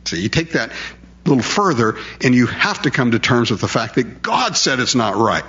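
Man, preacher, sermon, emphatic, conversational, rhetorical questions, mid pitch, muffled lo-fi sound. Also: big pitch swings, moderate pace, fairly bright tone.

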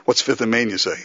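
A man's voice: mid-range voice, pushed and bright, husky. A man from Los Angeles preaching a sermon as a pastor, acting out prayers and chuckling often. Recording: lo-fi with long hall reverb.

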